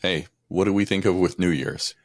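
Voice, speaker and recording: Male podcast host, extremely deep voice, dry close sound, relaxed short remarks. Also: normal speed, no room sound. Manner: relaxed, brief interjections and questions. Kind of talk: casual interview.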